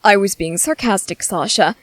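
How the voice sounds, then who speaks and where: A woman's voice: mid-range voice, normal speed, dry recording, close to an everyday voice. A woman voicing a shy, bookish young male soldier in an ASMR audio drama, nervous and stammering. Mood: exasperated.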